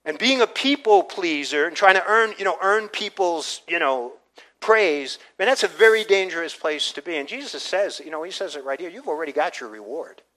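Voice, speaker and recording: Older guy pastor preaching, talky, lots of restarts, bright voice kinda high. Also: animated, moderate pace, low-quality recording. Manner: conversational, many restarts and asides. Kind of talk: sermon. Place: church.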